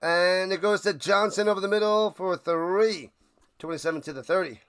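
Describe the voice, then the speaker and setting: A man's voice: sits high, normal speed, a bit bright, smooth. A man hosting a live football watch party, calling plays and making chatty, jokey asides. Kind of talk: casual livestream play-by-play.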